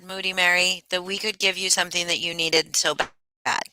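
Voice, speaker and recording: Woman livestreamer, sleepy, rambling casual chat, lowish bright voice, dry close sound. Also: level tone, brisk, dry recording, low-quality recording. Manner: rambling and chatty, addressing viewers by name. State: sleepy and yawning. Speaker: livestream host. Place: at home.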